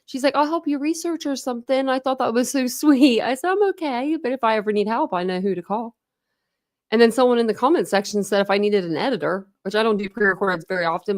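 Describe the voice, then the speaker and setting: A woman's voice: medium pitch, gravelly. A woman hosting a true crime livestream, chatting casually and greeting viewers by name between frequent laughs.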